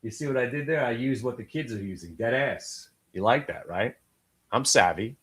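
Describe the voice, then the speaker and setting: A man's voice: medium pitch, animated, brisk, slightly rough. A middle-aged man with a Brooklyn accent hosting a live day-trading stream, brash, profane and full of joking asides. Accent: Brooklyn New York. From Brooklyn, New York. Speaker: day-trading show host.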